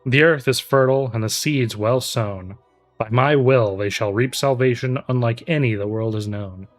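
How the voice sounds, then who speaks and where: A man's voice: medium pitch, normal speed, faint music behind, lightly acted. A man reading the lines of solemn, ancient male fantasy villains aloud from a game on a stream, in a mock-grand tone.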